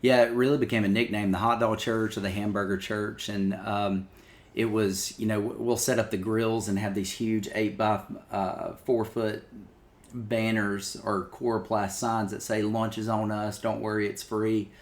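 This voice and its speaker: A man, a pastor from small-town Alabama, talks as a podcast guest. His voice sits on the low side, and he tells stories in a relaxed, friendly way. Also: normal speed. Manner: easygoing, friendly storyteller. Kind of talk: casual interview chat.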